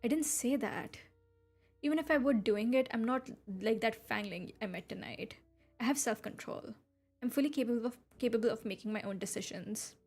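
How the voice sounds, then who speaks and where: A woman reads aloud as a proud, prickly female vampire who snaps back when her self-control is doubted. The voice is fairly high, with faint music behind it. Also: moderate pace, darkish tone, breathy edge. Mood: defensive. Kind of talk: reading game dialogue aloud.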